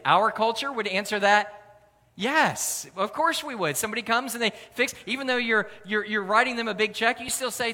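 A man preaching a sermon in a relaxed, conversational way, with lively emphasis. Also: sits high. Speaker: pastor. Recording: long hall reverb.

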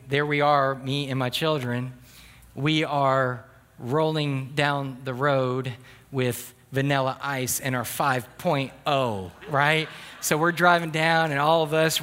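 A man's voice: fairly high pitch, pushed and bright. A middle-aged man preaching a sermon as a pastor, telling humorous stories with asides to the congregation.

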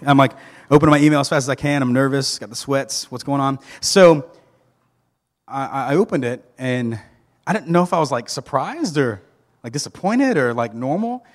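A man preaching a sermon as a pastor, animated and joking, with many restarts. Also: mid-range voice, normal speed, big-room sound. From Southern United States. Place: church sanctuary.

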